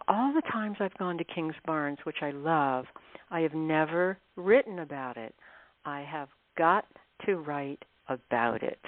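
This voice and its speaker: A woman, a guest author, telling travel stories in a chatty interview, often laughing and clearing her throat. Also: deep voice, dry recording. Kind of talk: casual interview storytelling. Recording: dry tinny phone line.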